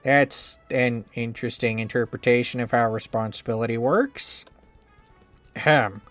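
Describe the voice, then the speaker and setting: A man's voice: mid-range voice, steady tone, a little slow, a bit bright, no room sound, faint music behind. A man reading a visual novel game aloud as the male lead, wry, teasing and blunt in manner. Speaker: game narrator and reader.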